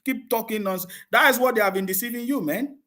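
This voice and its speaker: A man's voice: very high-pitched, fast, bright, forceful tone. A man hosting a heated live stream, mocking his critics, laughing often and reading out viewer comments with scorn.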